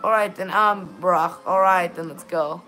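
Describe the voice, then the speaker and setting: Faint music plays behind a gaming livestreamer as she talks casually with viewers, frequently stammering, starting over and saying "all right, then". Her voice is lowish, pushed and bright, and her pace is measured.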